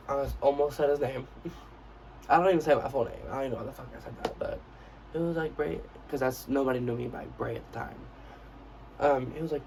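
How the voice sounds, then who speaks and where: A man's voice: mid-range voice, fast, gravelly, a little mellow, recorded from a distance, slight background noise, poor audio. A young man telling a storytime vlog in a brash, profane, casual way, acting out what he said. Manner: brash, profane, acts out quotes of himself. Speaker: vlogger.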